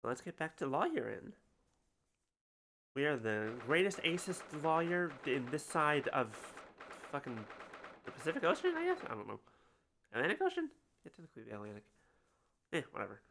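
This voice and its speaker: A woman's voice: low voice, sing-song, moderate pace, creaky, long pauses, fairly bright tone, a little hiss or hum. A woman streamer chatting casually and profanely while playing a game, rambling and self-mocking. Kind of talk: casual livestream commentary.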